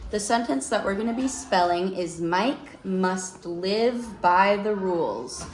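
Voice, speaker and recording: A woman teacher leading a small-group reading lesson, patient and encouraging, slowing down to explain letter sounds. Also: medium pitch, lively intonation, reverberant, heavy background noise. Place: classroom.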